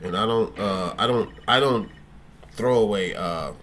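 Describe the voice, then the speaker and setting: A man's voice: lowish voice, unhurried, a bit bright, a little hiss or hum. A man hosting a casual gaming livestream, joking and cursing as he thinks aloud and talks back to his chat. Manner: thinks aloud, trailing restarts.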